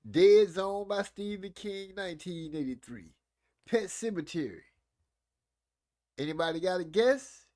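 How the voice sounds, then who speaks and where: Hosting a relaxed live stream, a man in his forties speaks in a high-pitched, slightly mellow voice at a measured pace, leaving long pauses. He's playful, teasing viewers about old movies and reading chat aloud.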